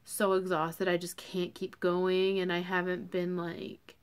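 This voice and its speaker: A woman's voice: lowish voice, completely flat delivery, unhurried, clear, resonant tone. A young woman talking casually to camera as a vlogger, chatty and full of fillers.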